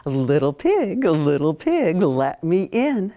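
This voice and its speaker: A woman voicing the big bad male wolf in a children's fairy tale, in a slow, drawn-out chant, a little away from the mic. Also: low-pitched, big pitch swings, dark tone, lo-fi sound, exaggerated voice. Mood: demanding.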